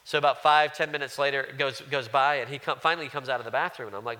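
A man's voice: medium pitch, steady tone, quick pace, few pauses, sharp tone. A man in his thirties preaching a sermon in an earnest, conversational way, often restarting his words. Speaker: pastor.

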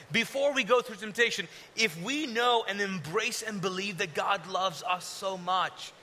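High, sharp-voiced preaching man. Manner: casual, conversational preaching that drops to soft, hushed tones. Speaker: pastor. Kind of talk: sermon. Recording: long hall reverb, faint hiss.

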